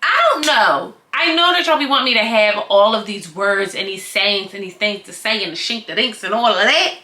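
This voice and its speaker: A woman's voice: mid-range voice, animated, moderate pace, pushed and bright, echoey room. A young woman doing a casual vlog wig review, sassy and dramatic, swearing and laughing often. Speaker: beauty vlogger reviewing a wig.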